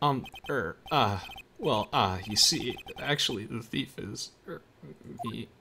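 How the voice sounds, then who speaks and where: A man voicing a timid, meek male suspect who shrieks that he is guilty and stammers when calm. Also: medium pitch, slow pace, gravelly, background noise. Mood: stammering. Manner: shrieks eagerly, then stammers nervously.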